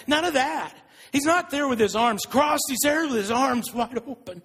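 A man preaching a sermon, retelling stories in an earnest, animated way. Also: very high voice, moderate pace, breathy edge. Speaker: pastor. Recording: long reverb of a large hall.

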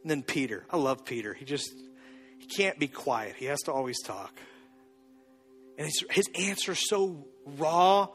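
A man's voice: fairly high pitch, expressive, unhurried, a bit bright, big-room sound, soft background music. A man preaching a sermon as pastor, emphatic and often chuckling, building through repeated phrases.

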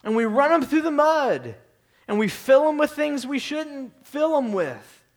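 High-voiced man preaching conversationally. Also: big pitch swings, a little slow. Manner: conversational, repeats himself, many asides and rhetorical questions. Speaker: pastor. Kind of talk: sermon.

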